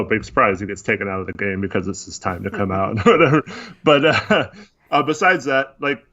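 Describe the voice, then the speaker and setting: A man's voice: medium pitch, sharp tone, muffled recording. A man co-hosting a casual sports podcast, rambling and frustrated with lots of fillers. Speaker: podcast co-host.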